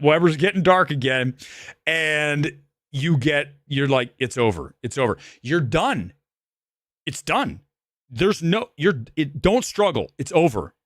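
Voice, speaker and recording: A man's voice: fairly high pitch, fairly bright tone, no room sound, studio quality. A man ranting angrily as he reviews a film live, repetitive and heated, saying he is shaking with anger. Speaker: movie reviewer.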